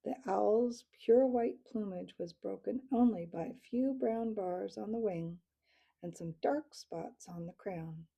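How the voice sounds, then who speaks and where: Woman reading a storybook out loud, slow and steady, dark raspy voice. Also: medium pitch, highs cut off. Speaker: audiobook reader. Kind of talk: storybook narration.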